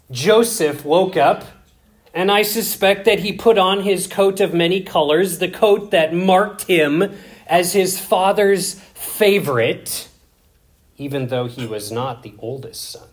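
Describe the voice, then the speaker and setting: A man preaching a sermon, reading scripture aloud with dramatic swings between loud emphasis and hushed asides. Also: a little high.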